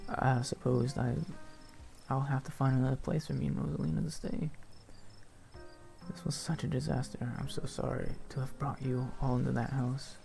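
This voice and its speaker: A man's voice: medium pitch, steady tone, normal speed, gravelly, warm tone, faint music behind. A man voicing a regretful mother. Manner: regretful, apologetic. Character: worried older woman, apologetic mother.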